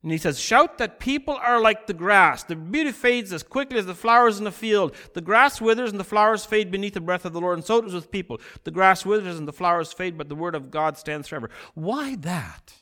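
A man preaching a sermon as pastor, earnest and building in intensity, slowing down to stress key phrases. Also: sits high, sharp tone.

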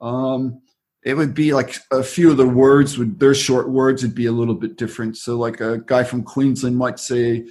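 An Australian man who once worked in aerial survey talks loosely as a guest in a casual interview, wandering through stories and often restarting. His voice is mid-pitched and somewhat dark, fairly flat in tone, at a normal speed.

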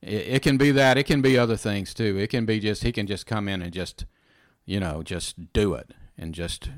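An earnest man teaches scripture in a relaxed conversational way and circles back over his phrases. His voice sits a little low. The sound is dry and close. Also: normal speed, dry recording. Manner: earnest, repeats phrases, frequent "you know" and "amen". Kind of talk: informal Bible teaching.

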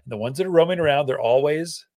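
A man's voice: on the high side, fast talker, darkish tone, dry recording, studio quality. A man from Arizona hosting a gardening radio show, telling stories in a folksy, casual way with many loose asides.

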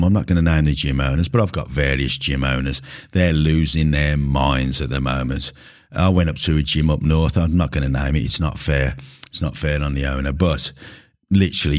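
Blunt, sweary man with a very deep voice. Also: darkish tone. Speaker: gym coach and podcast host. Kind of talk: casual ranting monologue to camera. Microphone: camera mic at close range.

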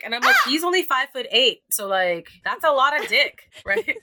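A woman's voice: on the high side, big pitch swings, a little fast, heavy background noise. A young woman telling candid, profane dating stories in casual chat, full of filler "like" and quoted dialogue. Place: Toronto.

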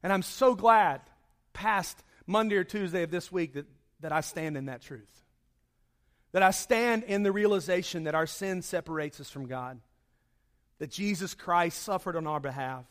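High-pitched guy preaching a sermon, chatty story stuff that builds into loud emphatic parts. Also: normal speed. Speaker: pastor. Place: church service.

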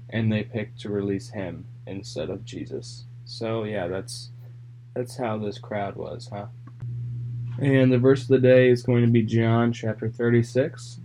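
A relaxed young man hosts a Bible reading podcast, with a voice a little lower than most men's. He reads aloud, then recaps casually and drops in plenty of fillers. A faint hum sits under him. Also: unhurried. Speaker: podcast host.

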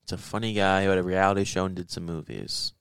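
A quick-talking man with a smooth, clear voice riffs sarcastically in casual banter. His voice sits at an ordinary pitch, recorded close and dry with no room sound. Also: steady tone, a bit bright, no room sound. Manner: sarcastic, riffing and joking. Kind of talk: casual chat.

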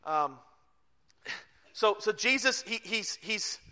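A male pastor delivers a sermon with a high, bright, cutting voice. He tells the story in an animated way and bursts into shouts at the big moments. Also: slow.

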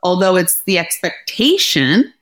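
A woman podcast host talks casually in a lowish voice, telling stories with energy and acting out the other voices in them. She keeps the tone relaxed and chatty. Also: measured pace. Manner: lively storyteller, acts out quoted dialogue. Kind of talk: casual conversation.

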